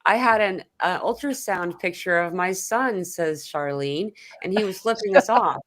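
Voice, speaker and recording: A woman's voice: on the low side, normal speed, a bit bright, slight background noise. A woman host reading viewer comments aloud in casual conversation, amused and laughing along.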